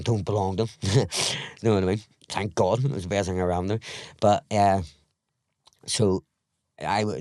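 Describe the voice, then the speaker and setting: A middle-aged Northern Irish man with a very low voice tells his story candidly, rambling and swearing now and then as he acts out past exchanges. The sound is close and dry, with no room around him. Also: a little mellow, dry recording. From Northern Ireland. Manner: rambling, frank, swears, retells scenes in dialogue. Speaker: podcast guest.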